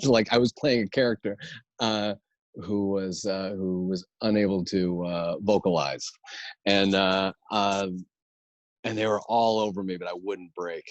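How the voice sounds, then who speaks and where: A male improv teacher is guest on a podcast. He laughs easily and tells rambling stories in a lowish voice. The sound is dry and close. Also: steady tone, a little slow, no echo, highs cut off. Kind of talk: casual podcast chat.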